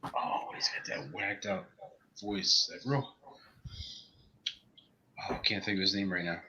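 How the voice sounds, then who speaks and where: Male guest, casual, halting. Low but bright tone. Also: fairly even intonation, slight background noise, low-quality recording. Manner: hesitant, searching for words. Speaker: stream guest. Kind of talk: casual chat.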